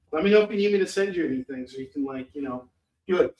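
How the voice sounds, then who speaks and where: A man's voice: fairly high pitch, expressive, quick pace. A man hosting a live shopping stream in a rambling, chatty, self-mocking way. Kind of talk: casual chat. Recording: roomy echo.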